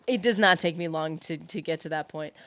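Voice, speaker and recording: A woman's voice: low voice, fairly quick, a bit bright. A woman streaming a game, chatting casually with viewers in a rambling way, full of fillers, and reading out chat comments.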